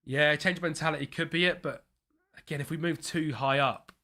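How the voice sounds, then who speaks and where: A man's voice: fairly high pitch, fairly even intonation, fairly quick, pushed and bright. A man chatting as he streams a football management game, reacting to the match and his chat. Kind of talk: live gameplay commentary.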